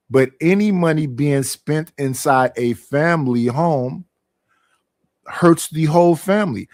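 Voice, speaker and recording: A man's voice: on the high side, no echo, studio quality. A middle-aged man, ranting profanely at home in a casual streaming monologue, firing off rhetorical questions.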